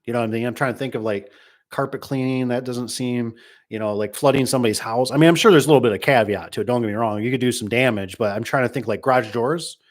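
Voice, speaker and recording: A man's voice: mid-range voice, quick pace. Middle-aged male business owner, loose rambling monologue, drops into quoted voices. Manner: rambling, acts out quoted people. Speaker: garage door business owner. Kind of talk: casual monologue reading comments.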